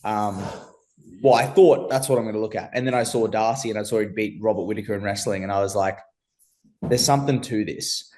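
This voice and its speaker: A man's voice: lowish voice, flat delivery, fast, warm tone, a little hiss or hum. A young man being interviewed, laid-back and slangy, calling people bro. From Australia. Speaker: amateur MMA fighter guest. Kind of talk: casual interview chat.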